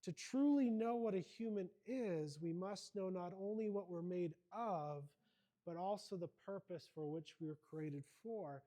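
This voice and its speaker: A man's voice: high voice, a little slow, mellow. A man giving a university lecture, speaking earnestly and checking in with his listeners. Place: lecture hall.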